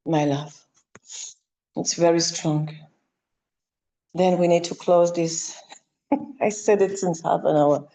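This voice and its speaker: A woman leading a live spiritual clearing session, speaking in commanding incantations and soft, coaxing asides. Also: lowish voice, fairly even intonation, slow pace, long pauses, poor audio.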